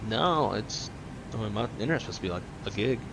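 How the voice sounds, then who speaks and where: A man's voice: fairly low pitch, animated, fast talker, creaky, background noise. A man hosting a flight simulator stream, chatting casually with his co-pilot, swearing freely and laughing often. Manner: loose, profane, laughs often. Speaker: flight sim streamer and host. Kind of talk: casual gaming chat.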